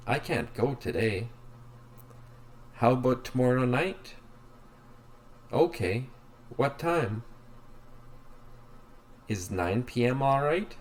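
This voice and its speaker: Guy reading simple english dialogues super slow for learners, both parts himself. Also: medium pitch. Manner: reads both sides of each dialogue, very slow and evenly spaced.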